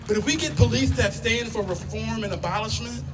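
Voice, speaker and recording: A man's voice: sits high, fairly quick, over music. A man giving a rally speech at a protest, building his points through rhythmic repetition. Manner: rhythmic, repeating oratory. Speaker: protest speaker. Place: outdoor street protest. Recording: distant mic, loud street noise.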